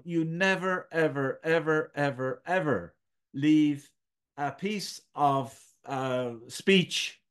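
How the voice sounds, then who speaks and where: A man giving a screen-share writing tutorial, talking gently and often stopping to correct himself. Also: on the high side. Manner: hesitant, self-correcting, gentle.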